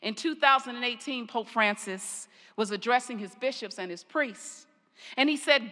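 Older woman preaching in a reverberant hall. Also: a little high. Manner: slow, deliberate storytelling with soft trailing endings. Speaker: pastor. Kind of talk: sermon. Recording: long reverb of a large hall.

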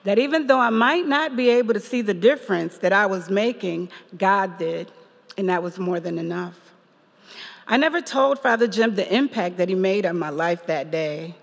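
A woman's voice: medium pitch, expressive, moderate pace, creaky, in a large hall. A woman giving a personal testimony at a church service, telling a story with quoted voices and laughter. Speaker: parishioner giving a reflection.

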